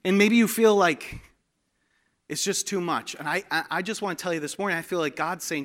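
A male preacher delivers a sermon, weaving in humorous personal stories with animated energy. His voice sits high and rings bright and forceful. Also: a little fast.

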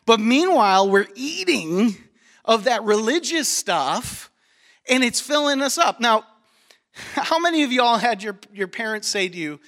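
A man preaching a sermon as pastor in a church, animated and jokey, telling stories to the congregation. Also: high-pitched, moderate pace. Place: church sanctuary.

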